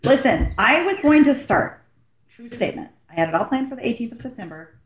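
A woman co-hosting a podcast in casual chat, quick to laugh. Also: fairly high pitch, a crowd in the background. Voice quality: animated, laughs easily. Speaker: podcast co-host. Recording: echoey room.

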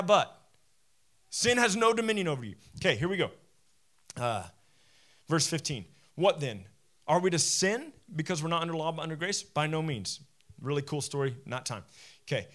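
A man in his forties preaching a sermon as a pastor, animated and conversational, often self-deprecating. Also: on the high side.

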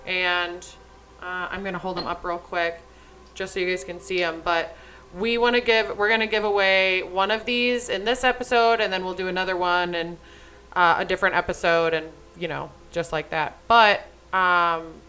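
A woman's voice: on the low side, steady tone, moderate pace, bright, forceful tone, smooth, poor audio. A young adult woman co-hosting a podcast in casual chat, talking bluntly and emphatically and swearing freely. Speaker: podcast co-host.

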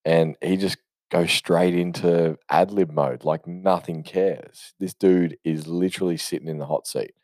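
A man's voice: low-pitched, steady tone, measured pace, a little mellow, dry recording. A man reviewing a film in a casual, unscripted ramble, offhand and full of swearing and restarts.

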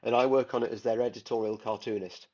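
Brief: keen, rambling guy, mid-pitched, dull lo-fi video call audio. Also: steady tone, fast talker, a little mellow. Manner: enthusiastic, rambling with many fillers. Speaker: guest illustrator. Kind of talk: casual interview chat.

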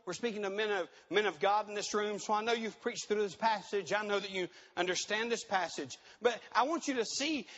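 A man's voice: high-pitched, fairly bright tone. A man preaching a sermon at a conference, reading scripture aloud and repeating key words for emphasis. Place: church conference hall. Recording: dull recording in a reverberant hall.

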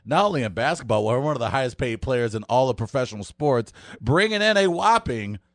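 A man hosting a casual sports talk show who laughs often and hammers his points with animated emphasis. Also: mid-range voice, brisk, no room sound, studio quality. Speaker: radio show host.

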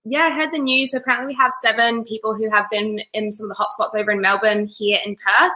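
A woman's voice: a little high, steady tone, fast talker, pushed and bright, poor audio. A woman guest chatting in a casual interview, her voice nasal from a cold, laughing often with plenty of ums. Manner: giggly, lots of ums. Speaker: interview guest, pageant director.

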